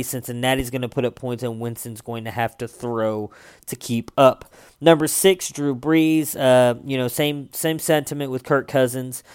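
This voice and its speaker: A man's voice: medium pitch, clear, resonant tone, no echo. A young man running through his weekly fantasy football rankings in a casual, conversational way, with frequent filler sounds.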